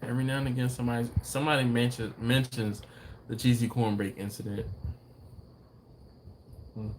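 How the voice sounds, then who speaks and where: A man hosting a live barbecue stream, chatting casually with viewers and acting out people in a story in a high mimicking voice. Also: flat delivery, fairly quick, noisy background. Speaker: host of a live BBQ show.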